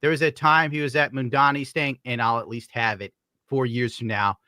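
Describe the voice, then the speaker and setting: Male stream host, sarcastic and profane, bright forceful tone, dry mic. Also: mid-range voice, flat delivery, normal speed, no room sound. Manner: sardonic, profane. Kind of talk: casual stream banter.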